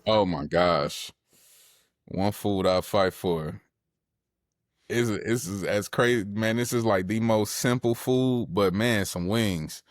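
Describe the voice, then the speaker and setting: Low-voiced laid-back man chatting. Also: takes it slowly, dry recording, studio quality. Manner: laid-back, laughs often. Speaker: podcast guest; coach. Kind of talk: casual chat.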